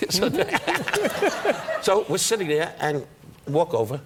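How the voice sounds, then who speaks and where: An older man on a talk show as a guest comedian, needling his host with quick, brash put-downs. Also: high-pitched, wildly swooping pitch. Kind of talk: insult comedy banter. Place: television studio. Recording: studio audience laughter and noise.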